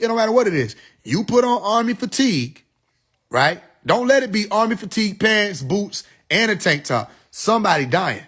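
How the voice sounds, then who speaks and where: A man's voice: sits high, fairly bright tone. Live stream host, man, preachy and cussing, cracks himself up. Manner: preachy, profane, laughs at his own jokes. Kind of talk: casual live-stream monologue.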